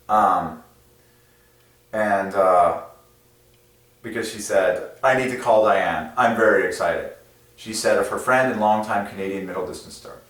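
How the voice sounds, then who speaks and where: A man hosting a religious numerology video delivers a casual, rambling monologue, excitable and full of fillers, with sudden leaps in pitch. He sounds far from the mic in a very echoey room.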